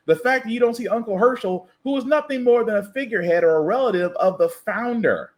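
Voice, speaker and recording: A man's voice: high voice, a little fast, hardly any pauses. A man hosting a podcast, delivering a satirical news commentary monologue with incredulous, ranting comic asides. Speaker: podcast host. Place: lives in the US South.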